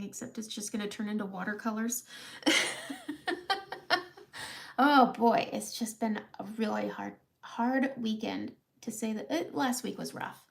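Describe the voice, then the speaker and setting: A woman's voice: mid-range voice, vocal fry. A woman in her thirties talking candidly on her live makeup vlog, emotional and close to tears, laughing through it. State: close to crying. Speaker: makeup seller and vlogger.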